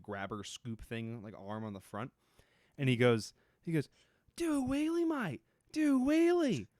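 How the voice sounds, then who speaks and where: Lowish young man rambling on stream. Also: no room sound, studio quality. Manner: rambling, swears freely, many restarts. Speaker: live streamer. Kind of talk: casual chat.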